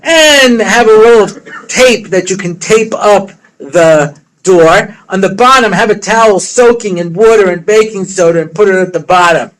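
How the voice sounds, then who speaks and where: A man's voice: sits high, moderate pace, a bit bright, low-quality recording. A middle-aged man, a rabbi, giving a humorous lecture full of stories, jokes and conversational asides.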